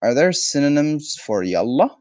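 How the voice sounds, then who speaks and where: A man's voice: on the high side, very animated, normal speed, darkish tone, no echo. A man teaching his language on a live stream, explaining patiently and answering viewers' questions. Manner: explains patiently, answers chat questions, frequent "okay?" and hums. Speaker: Arabic teacher.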